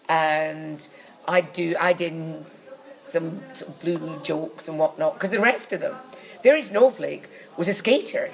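A woman's voice: fairly low pitch, poor audio. A woman chatting in an interview, telling wry, bawdy stories and dropping into comic voices for the people in them. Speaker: guest recounting her acting past. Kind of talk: anecdotal interview chat.

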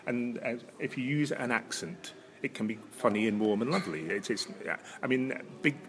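A Scottish man with a Highland accent, chatting casually as a podcast co-host, rambling through restarts and chuckles. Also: lively intonation, normal speed, noisy background. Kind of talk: casual chat.

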